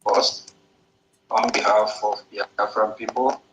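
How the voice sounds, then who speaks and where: A man giving a measured, solemn speech of thanks on behalf of his people. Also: lowish voice, little pitch movement, a bit bright, echoey room, poor audio.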